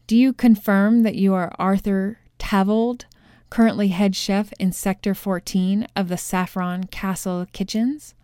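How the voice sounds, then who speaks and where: A woman voicing a sharp courtroom questioner who probes and presses a witness, in a storybook reading. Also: medium pitch, steady tone, a little slow, smooth, dry recording, studio quality, lightly acted. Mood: pressing. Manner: probing, insistent questioning.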